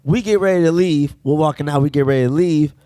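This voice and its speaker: A man co-hosting a podcast, telling a profane, animated story and acting out the people in it. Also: a little high, quick pace, smooth, dry recording, clean studio sound. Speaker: podcast co-host. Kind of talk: casual storytelling chat.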